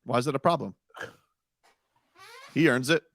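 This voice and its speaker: A man's voice: medium pitch, normal speed, a bit bright. A man hosting a sports radio show from a studio, upbeat and playful as he jokes with his co-hosts. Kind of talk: casual sports radio banter.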